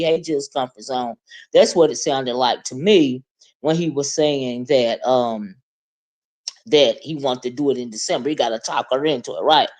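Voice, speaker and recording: A woman's voice: low voice, a little mellow. A woman hosting a casual livestream, chatting with viewers, greeting them by name and asking "right?" often. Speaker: livestream host.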